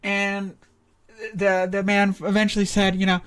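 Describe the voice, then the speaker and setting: A woman's voice: medium pitch, completely flat delivery, unhurried, clear, resonant tone. Chatty woman rambling over a game. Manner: chatty, rambling, with many fillers and laughs. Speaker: streamer playing a visual novel. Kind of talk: casual let's-play commentary.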